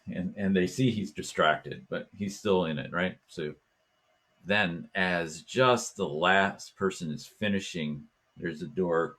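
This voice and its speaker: Man, low voice, talk host, animated storyteller, acts out voices. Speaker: podcast host.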